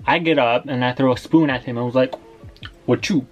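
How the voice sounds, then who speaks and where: A man's voice: medium pitch, fairly even intonation, quick pace, muffled recording. A young man telling a story time in a casual, slangy, rambling way, filling his talk with "like".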